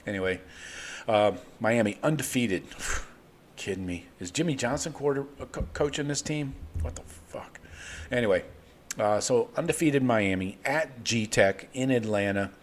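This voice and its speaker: A man's voice: medium pitch, moderate pace, a little hiss or hum. A man hosting a live sports show, talking casually and rambling through picks with loose, profane asides. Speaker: host. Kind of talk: casual sports betting talk.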